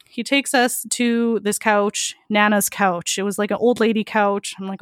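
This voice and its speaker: A woman telling a raucous story as a podcast guest, her voice at an everyday middle pitch. She is candid and laughs a lot, leaning on "like" throughout, and the recording is close and dry. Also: steady tone, moderate pace, no echo. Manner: candid, laughs often, many likes. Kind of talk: casual storytelling interview.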